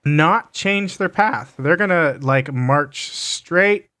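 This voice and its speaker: Slow, halting game master man. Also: fairly high pitch, sharp tone. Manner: halting, full of fillers and restarts. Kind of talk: narrating a tabletop game.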